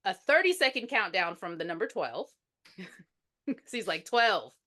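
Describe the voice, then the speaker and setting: A woman's voice: mid-range voice, sing-song, unhurried, sharp tone. A woman podcast co-host recapping a movie in casual chat, animatedly acting out the characters' lines as she tells the story.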